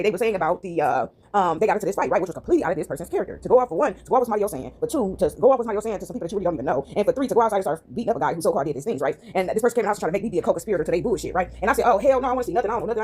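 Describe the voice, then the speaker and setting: Fast-talking woman ranting at home. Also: medium pitch, husky. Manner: animated, repeats "right?" and "y'all", rambling. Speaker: vlogger. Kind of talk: casual rant to viewers. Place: at home, indoors. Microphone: phone.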